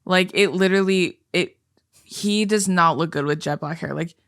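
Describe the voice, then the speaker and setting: A young woman co-hosting a podcast, gossiping in an animated way and swearing freely. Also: on the low side, moderate pace, gravelly, no echo, clean studio sound. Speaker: podcast co-host. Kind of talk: casual chat.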